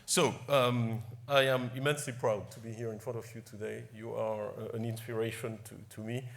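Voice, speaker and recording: Gravelly-voiced man. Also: on the low side, level tone, moderate pace. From Ivory Coast. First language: French. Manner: emotional, self-deprecating humor, frequent restarts and repeated words. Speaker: company chief executive giving an award speech. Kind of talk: informal speech at an awards ceremony.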